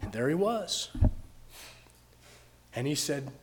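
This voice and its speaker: A preacher playing the disciple Thomas as an earnest man giving dramatic first-person testimony in court, swinging from hushed to loud. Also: medium pitch, sing-song, slow pace, slight background noise. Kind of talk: dramatic monologue in a sermon.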